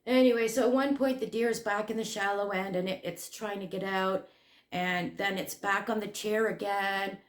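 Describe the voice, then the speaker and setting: A woman hosting a crochet channel, telling a story in a rambling, animated way with lots of fillers and restarts. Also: medium pitch, moderate pace. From Canada. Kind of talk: casual storytelling vlog. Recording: echoey room.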